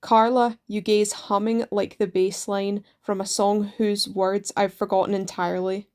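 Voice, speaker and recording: A woman reading poems aloud in a slow, measured way, pausing between lines. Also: medium pitch, flat delivery, a little mellow, clear, resonant tone. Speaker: poetry reader.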